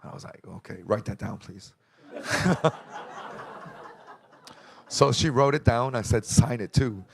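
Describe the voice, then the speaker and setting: A man's voice: mid-range voice, expressive, takes it slowly, vocal fry, long pauses. A young man giving a personal testimony to a church congregation, telling his story with emotion and acting out the dialogue.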